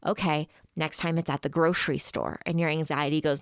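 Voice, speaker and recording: A woman hosting a podcast, explaining emotional regulation to listeners, voicing inner thoughts in quick quoted asides and laughing lightly between points. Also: low voice, steady tone, no echo, clean studio sound. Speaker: podcast host.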